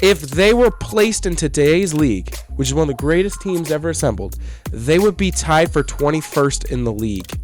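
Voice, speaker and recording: Give me a man co-hosting a sports podcast, slightly high and animated, with faint music under him. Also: moderate pace, hardly any pauses. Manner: chatty, leads segments, laughs often. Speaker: podcast co-host. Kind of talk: casual sports chat.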